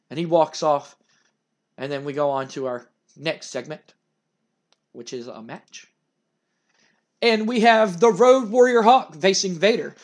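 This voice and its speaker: A young man with a drawl talks through his game save. He rambles casually with plenty of fillers. His voice sits fairly high for a man. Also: a little slow, pauses often. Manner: loose, rambling, recapping with fillers. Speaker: gaming narrator. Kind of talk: casual let's-play narration.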